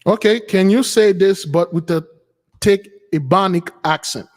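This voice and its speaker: A man hosting his channel, talking casually and haltingly with many fillers. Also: sits high, big-room sound. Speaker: channel host. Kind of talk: casual talk with an AI.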